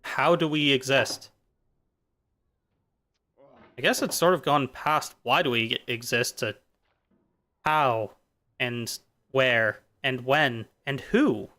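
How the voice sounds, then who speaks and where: Smooth-voiced man rambling while gaming. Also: mid-range voice, pushed and bright. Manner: playful, musing, jumping between jokes and philosophy. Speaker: streamer.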